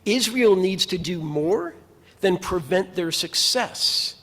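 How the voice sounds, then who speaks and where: The rabbi's voice is strikingly high and fairly bright, with lively intonation as he delivers an earnest, measured sermon full of emphatic repetition. His speech echoes with long reverb, suggesting a spacious synagogue sanctuary.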